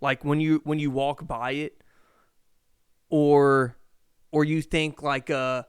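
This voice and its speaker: A young man with a slight lisp hosts his own podcast in a loose, rambling way. He keeps asking himself questions and swearing casually. His voice sits a little high and sounds very smooth and crisp, recorded dry and close. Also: level tone, slow, no echo. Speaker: podcast host.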